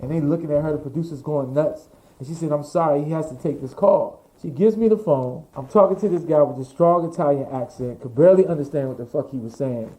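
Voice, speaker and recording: A man from New York telling his life story as an interview guest, animated, swearing freely and acting out what others said. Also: on the high side, fast talker. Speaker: interview guest, fashion designer. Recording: dull lo-fi audio.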